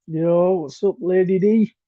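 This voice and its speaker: A woman in casual chat, talking slowly and exclaiming. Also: lowish voice, steady tone, dry recording, dull audio.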